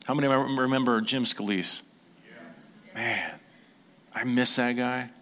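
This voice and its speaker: Unhurried and pushed bright, a mid-range male voice carries a middle-aged pastor's informal, conversational sermon to his congregation. Along the way he acts out short quotes and often restarts sentences.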